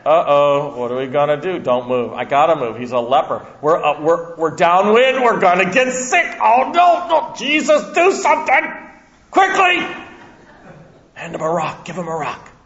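A man acting out panicky young male disciples in a frantic, comic, rushed way. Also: on the high side, little pitch movement, vocal fry, a bit bright, long reverb tail, dull audio.

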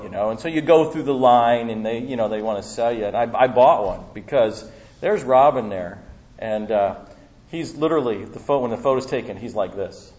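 A man's voice: mid-range voice, a little mellow, muffled recording. A man preaching at a conference, telling stories casually with lots of fillers before moving into prayer and teaching. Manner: casual storytelling with many fillers. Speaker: guest preacher. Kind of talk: conference sermon. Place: conference hall. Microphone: handheld or stand microphone.

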